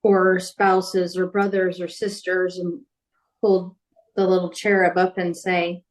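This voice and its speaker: A woman's voice: on the low side, flat delivery, takes it slowly. A woman in a recovery group discussion, thinking aloud in a conversational way.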